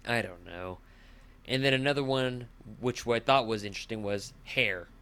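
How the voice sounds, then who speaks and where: A man hosting a casual sports talk show, opinionated and exasperated, climbing high in pitch when he gets heated. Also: moderate pace, pushed and bright, smooth.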